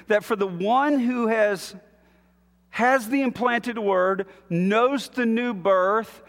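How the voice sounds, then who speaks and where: A man preaching a sermon as a pastor, measured and emphatic, with long pauses between phrases. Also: sits high, a bit bright, long reverb tail.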